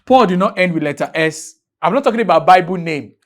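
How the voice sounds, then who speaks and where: A man's voice: high voice, animated. Emphatic man teaching grammar at a board. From Nigeria. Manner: drawn-out, emphatic teaching with repeated questions to students. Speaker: English teacher. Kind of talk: classroom grammar lesson. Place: classroom with a board.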